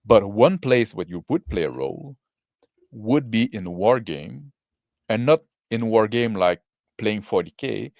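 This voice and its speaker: A man's voice: lowish voice, animated, measured pace, vocal fry, a little mellow, no echo, studio quality. A man giving casual commentary on a video, rambling with lots of fillers and tag questions. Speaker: co-host reacting to a video.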